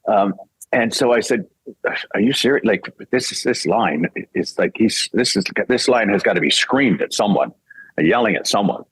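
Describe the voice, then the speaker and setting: A man's voice: on the low side, animated, normal speed, fairly bright tone, breathy edge, no echo, low-quality recording. An older man from Canada, a voice actor and singer, telling a casual story and acting out the voices he quotes, laughing often.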